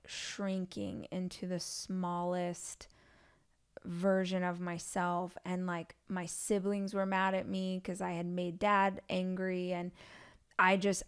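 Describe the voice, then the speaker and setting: A woman's voice: lowish voice, clean tone. A woman in her forties hosting a podcast, telling candid, chatty stories about family life with frequent asides. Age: 40s. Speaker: podcast host. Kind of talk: solo podcast monologue.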